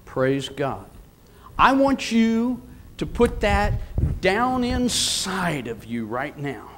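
Older male pastor in his 70s, high voice, emphatic repetitive preaching. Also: big pitch swings, takes it slowly, a bit bright, a little hiss or hum. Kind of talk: sermon.

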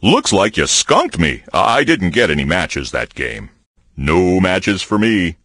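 Harley, a folksy husky bear. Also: male voice, slow, no room sound, heavily acted. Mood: mock hurt. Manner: folksy, jokey, swings to high excited yelps. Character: folksy friendly male bear card player. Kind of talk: video game voice clips. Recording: dry close studio voice.

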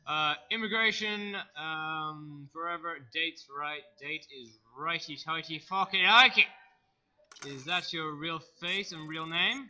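A young Australian man giving loud, excitable let's play commentary and swearing freely. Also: fairly high pitch, slow pace. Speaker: gaming YouTuber.

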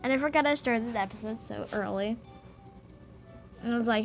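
A woman's voice: a little high, a little fast, pauses often, soft background music. A young woman rambling and giggling as she chats through her game recording. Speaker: gaming vlogger. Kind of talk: casual chat while playing a game.

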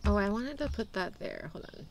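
A woman's voice: mid-range voice, sing-song, brisk, slight background noise. A young woman streaming a game, chatting animatedly with her viewers and laughing often. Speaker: VTuber streamer. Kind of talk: casual gameplay commentary.

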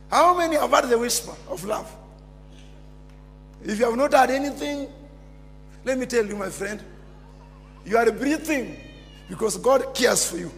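A man preaching a sermon as pastor, emphatic and repetitive, bursting into shouts. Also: very high voice, expressive, a little slow, creaky, long pauses. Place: church. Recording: long church reverb with music behind.

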